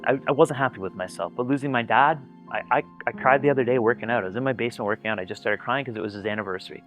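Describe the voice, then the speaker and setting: A man's voice: mid-range voice, muffled recording. Blunt, earnest man telling his own story. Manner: earnest, blunt, swears freely, repeats words when starting sentences. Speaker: interviewee sharing personal experience. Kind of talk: candid personal testimony.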